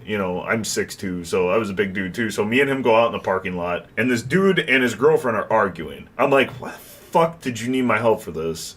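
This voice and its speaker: A man's voice: fairly low pitch, a bit bright. A young adult man co-hosting a podcast, telling stories in blunt, profane casual chat. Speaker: podcast co-host.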